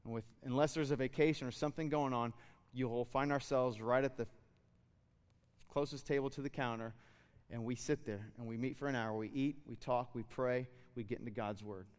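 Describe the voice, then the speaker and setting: A man's voice: medium pitch, steady tone, fairly quick, a little mellow, clear, resonant tone, long reverb tail. Man preaching a conversational sermon. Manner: conversational, building to fervent exhortation. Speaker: pastor.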